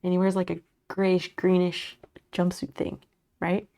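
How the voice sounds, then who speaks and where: A woman's voice: on the low side, completely flat delivery, a little slow, warm tone. A woman streamer chatting casually with her viewers while she crochets, muttering and swearing under her breath as she works. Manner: chats back to viewers' messages.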